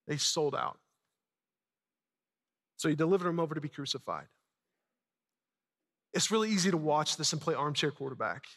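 A man's voice: a little high, expressive, normal speed, pauses often, fairly bright tone, in a large hall. A man preaching a sermon, retelling a story dramatically with casual asides. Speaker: pastor.

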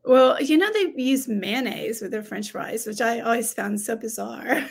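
Bubbly, gravelly-toned American woman chatting. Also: on the high side, a little slow. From United States. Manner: bubbly, laughs often, chatty with fillers. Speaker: co-host. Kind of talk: casual chat show conversation.

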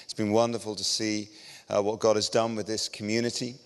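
A middle-aged man with an English accent delivers a sermon to a church congregation. His voice is smooth and clear, and his manner is lively and self-deprecating. The sound carries a long reverb from a large church hall. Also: lowish voice, a little fast. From England. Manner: self-deprecating, joking and energetic. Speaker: guest preacher.

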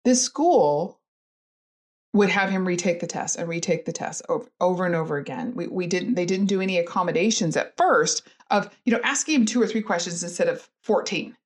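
A woman's voice: on the low side, brisk. A middle-aged woman telling a personal family story in an earnest, candid way, with many fillers and restarts. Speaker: guest telling her story.

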